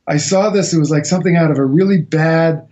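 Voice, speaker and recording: A man with a somewhat high voice tells a jungle tale as a guest on a radio show. He tells it as a lively anecdote and slips into other people's lines as he goes. The sound comes through a dull, lo-fi line. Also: fairly quick. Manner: animated anecdotal storytelling, acts out quotes. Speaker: guest author recounting an expedition. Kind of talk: storytelling in a radio interview.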